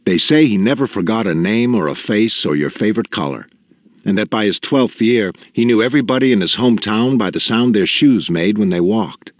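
A man reads a novel aloud in a measured, deliberate way, letting each line land with quiet gravity. His voice sits very low and full, and the recording is close and dry with no room sound. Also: expressive, no room sound. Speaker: audiobook narrator. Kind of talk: scripted narration.

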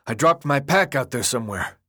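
Man voicing a sarcastic teen boy, breathless, bossy, mocking, lively swings in pitch, audiobook. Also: fairly quick, dry recording, studio quality. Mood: scornful. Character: brash sarcastic teenage boy runner, worn out.

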